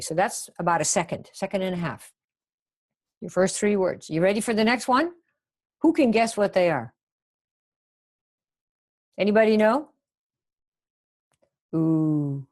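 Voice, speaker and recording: A woman's voice: low voice, darkish tone. A woman teaching a live webinar as a sales coach, chatty and coaching, reacting to viewers' comments as she goes. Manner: chatty, coaching, reacts to chat, acts out sample phone lines.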